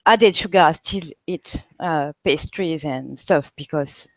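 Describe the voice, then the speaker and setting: Woman guest, hesitant and halting in casual chat; dry close mic. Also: sits low, no room sound. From France. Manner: halting, many restarts and fillers.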